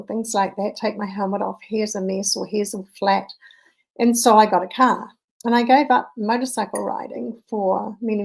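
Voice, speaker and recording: A woman's voice: mid-range voice, vocal fry, a little mellow, poor audio. A woman in her fifties, a mindset coach, telling a personal story in an earnest, conversational motivational talk.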